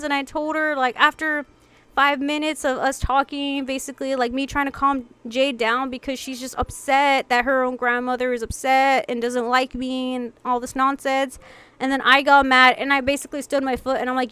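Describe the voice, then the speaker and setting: High-voiced young woman telling a story. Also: moderate pace, clean tone, no room sound. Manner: animated, acts out quotes, many "like"s and restarts. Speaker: vlogger. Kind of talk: storytime chat.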